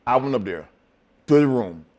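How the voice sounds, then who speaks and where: A middle-aged man telling profane, animated stories as a guest in a shoot interview. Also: medium pitch, normal speed, dull audio. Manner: profane, animated storytelling with acted quotes. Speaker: interview guest, former wrestler.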